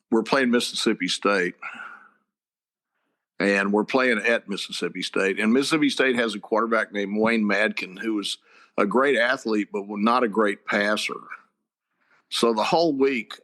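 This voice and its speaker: An older man, a head football coach, telling stories in a casual chat, with a lively, laughing manner. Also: fairly low pitch, moderate pace. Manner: animated, laughing storyteller.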